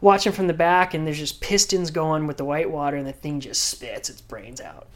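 A man telling a story in casual chat, animated, acting out quotes and laughing. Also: on the high side, moderate pace. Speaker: guest surfer.

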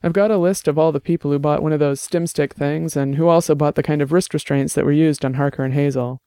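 Man doing a young detective, earnest, plain-spoken, smooth voice. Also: on the high side, fairly even intonation, fast, dark tone, no echo, close to an everyday voice.

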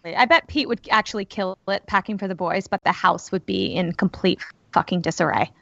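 A woman's voice: fairly low pitch, fairly quick, vocal fry, a bit bright, no echo, muffled recording. A woman who co-hosts a podcast and is a mother, chatting casually and expressively from a remote mic. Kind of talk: casual chat. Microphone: plug-in mic, remote call.

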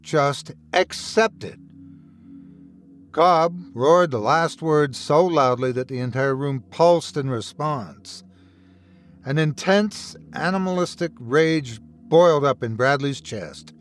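A man reading a horror story aloud as podcast host, in a dramatic, expressive manner. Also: on the high side, slow, soft background music. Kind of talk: scripted horror narration.

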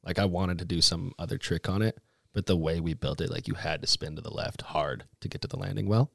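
Laid-back young man, low voice. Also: steady tone, a little fast, gravelly, a bit bright, breathy edge, no echo, clean studio sound. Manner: laid-back, slangy storytelling with many fillers. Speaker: guest, pro snowboarder. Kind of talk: casual podcast chat.

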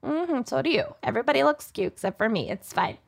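A woman's voice: a little high, sing-song, fast, vocal fry. A woman co-hosting a podcast in casual chat, joking about herself in a laid-back way. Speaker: podcast co-host.

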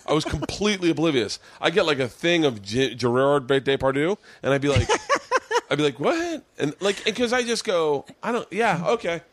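A man's voice: fairly high pitch, normal speed, dry recording. A middle-aged man hosting a podcast in casual chat, telling stories with lots of laughter, swearing freely and acting out what other people said. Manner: animated storytelling, acts out quotes, laughs often, swears freely. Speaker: podcast host, comedian.

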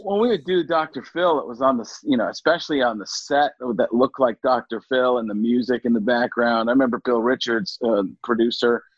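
A male comedian chatting in an interview, animated and slipping in and out of voices. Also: mid-range voice, brisk, few pauses, breathy edge, no echo. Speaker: comedian guest. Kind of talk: casual interview chat. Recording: dull lo-fi dry sound.

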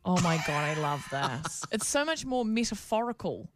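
A woman's voice: fairly low pitch, very animated, moderate pace. A woman co-hosting a casual podcast, reacting with bubbly enthusiasm. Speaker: podcast co-host. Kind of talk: casual chat.

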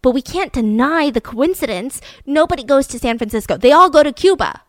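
Animated young woman telling a true story. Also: sits high, a little fast, no echo. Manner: animated, slangy, swings between loud and hushed. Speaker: podcast storyteller. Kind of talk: casual storytelling.

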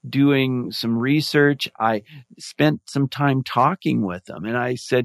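A man's voice: medium pitch, takes it slowly, dry recording. A man and former music teacher, a guest giving earnest, reflective interview answers, often restarting his phrases.

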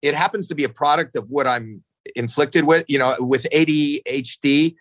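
A man in his sixties telling stories casually on a podcast, animated, jumping into acted-out quotes, swearing freely, often restarting his sentences. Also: normal speed, dry recording, rough recording. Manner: animated, acts out quotes with jumps in pitch. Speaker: podcast guest. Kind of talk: casual storytelling chat.

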